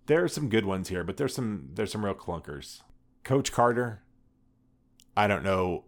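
Male podcast co-host, deep voice, dry and opinionated, casual delivery. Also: animated, a little slow. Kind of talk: casual chat.

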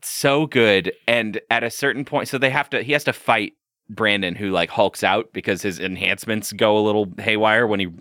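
A man co-hosting a podcast in casual, animated chat, swearing and laughing often. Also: fairly low pitch, moderate pace, no room sound, clean studio sound. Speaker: podcast co-host.

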